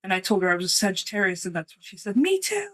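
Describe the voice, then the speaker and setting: A woman's voice: lowish voice, level tone, rapid-fire, fairly bright tone. A woman co-hosting a casual chat, rambling and giggling often. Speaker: co-host.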